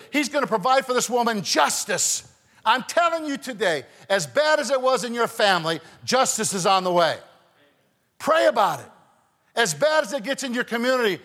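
A man preaching in a church, his voice high for a man and swinging widely as he pushes his points home. He calls out to the congregation and waits for their answers. A long reverb trails behind each phrase. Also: big pitch swings, normal speed, fairly bright tone. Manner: preaching with rising emphatic calls and call-and-response. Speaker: pastor. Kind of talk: sermon. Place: church sanctuary.

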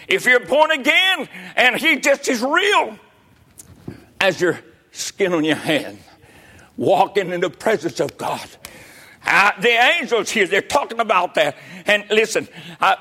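Older male preacher, high and bright, fervent, swinging from shouts to near whispers. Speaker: pastor. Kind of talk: sermon.

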